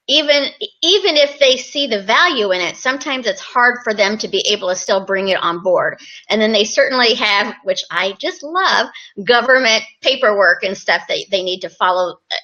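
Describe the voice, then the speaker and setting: Bright-voiced woman podcast host. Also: on the high side. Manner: encouraging, explanatory, with fillers and restarts. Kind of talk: conversational podcast talk. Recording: dull lo-fi podcast audio.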